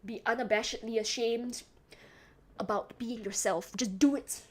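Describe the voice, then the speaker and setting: A high-pitched young woman from Singapore chats with her viewers in a relaxed, giggly streamer way. Her accent has a slight British-sounding lilt. She talks on a desk mic and keeps reading chat messages aloud. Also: normal speed.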